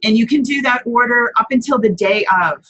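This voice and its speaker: A woman's voice: fairly high pitch, fairly quick, fairly bright tone, low-quality recording. A woman hosting a live papercrafting chat, talking casually, answering viewers by name and often correcting herself as she goes.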